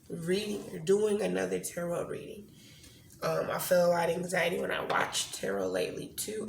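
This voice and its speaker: A woman's voice: mid-range voice, gravelly. A woman reading tarot cards casually to camera, rambling and candid, swearing now and then. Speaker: tarot reader. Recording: echoey room with faint noise.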